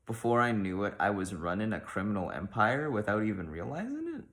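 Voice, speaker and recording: A man's voice: lowish voice, brisk. A man reading as a folksy Midwestern woman zookeeper. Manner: homespun folksy phrasing, read aloud deadpan.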